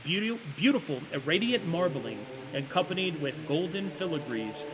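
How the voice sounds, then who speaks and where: A man's voice: fairly high pitch, very animated, slight background noise. Man narrating a tabletop game. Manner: descriptive, slows down for detail. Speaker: game master.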